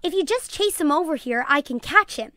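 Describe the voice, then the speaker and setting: A woman voicing an eager young girl in a storybook read-aloud, excited and quick. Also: high-pitched, no room sound, pitched above the performer's own voice.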